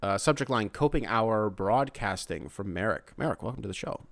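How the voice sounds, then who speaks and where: A man's voice: lowish voice, lively intonation, moderate pace, vocal fry, few pauses, no room sound. A young American man hosting a sports podcast, talking casually in rambling, profane rants full of tangents. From United States. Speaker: podcast host.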